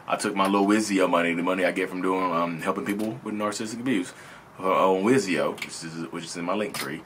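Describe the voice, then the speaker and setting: Guy in his 30s rambling to the camera, kinda low voice, faint hiss behind. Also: fast talker, a bit bright. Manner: earnest and rambling, repeats phrases, speaks straight to viewers. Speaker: video host sharing his own experience. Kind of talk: casual personal monologue.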